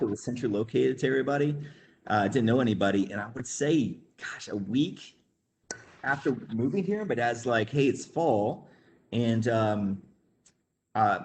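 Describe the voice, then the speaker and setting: Rambling Midwestern man telling a story. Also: medium pitch. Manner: rambling, laughing, many fillers; acts out quoted voices. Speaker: webinar guest. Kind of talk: casual storytelling.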